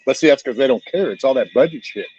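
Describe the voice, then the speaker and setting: A man's voice: mid-range voice, expressive, fast talker, a little mellow, breathy edge, no echo. A man hosting a vlog, chatting casually and joking with plenty of swearing while he works. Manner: loose and joking, with frequent swearing. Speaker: vlog host. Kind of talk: casual chat while working outdoors. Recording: dull lo-fi sound with music.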